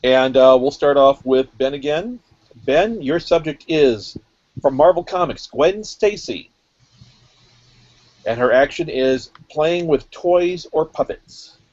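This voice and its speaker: A man casually hosting a live online drawing event, reading out each artist's assignment slowly and plainly. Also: on the high side, a little mellow, lo-fi sound.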